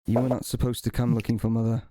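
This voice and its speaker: A man's voice: mid-range voice, little pitch movement, quick pace, no echo, clean studio sound, natural voice. A man voicing a weary cow-eared brother. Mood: cold. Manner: gentle, exhausted, speaks in a new accent.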